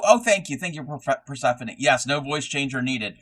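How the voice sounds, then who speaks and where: A man hosting a crafting live stream, chatting casually while he crochets. He rambles in a low-key way, with lots of fillers and restarts. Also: expressive, normal speed, hardly any pauses, a bit bright, low-quality recording.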